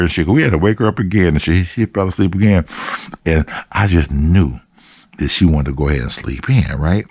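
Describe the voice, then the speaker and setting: A man hosting his own show, telling profane, animated stories and acting out other people's voices. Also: low voice, a little fast, breathy edge, dry recording, studio quality. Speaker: host. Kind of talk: casual storytelling.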